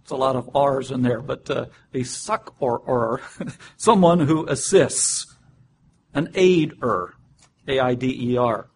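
A man leading a conversational Bible study. He explains step by step, spells words out letter by letter, and often pauses with "uh" and restarts. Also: mid-range voice, animated, a little hiss or hum. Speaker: Bible teacher.

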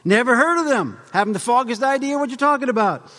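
A folksy old Southern driver who has never heard of the rules, as a man puts him on. He drawls in a high, lively voice. His words ring out with long hall reverb. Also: fast. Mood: bewildered. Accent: Southern US (put on). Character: clueless old country driver, male, folksy.

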